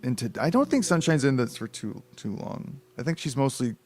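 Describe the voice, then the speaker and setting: A man's voice: mid-range voice, very animated, a little fast, a little mellow, faint music behind. A man streaming himself reading a novel aloud, breaking off for rambling, profane comic asides.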